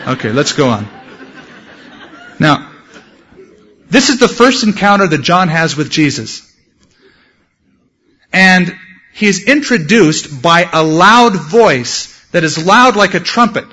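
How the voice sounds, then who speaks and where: A male pastor preaching a sermon, telling stories with lively asides and acting out quotes. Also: sits high, slow, long pauses, a little hiss or hum. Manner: animated storytelling, shouts acted quotes. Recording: dull lo-fi sound.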